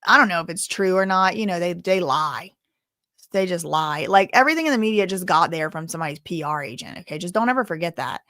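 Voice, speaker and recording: A woman's voice: fairly low pitch, animated, fast talker, fairly bright tone, dry recording. Chatty woman live-streaming, dry sound. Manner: chatty, reads viewer comments aloud, many fillers. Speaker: livestream commentator on a court case. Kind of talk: casual live-stream chat.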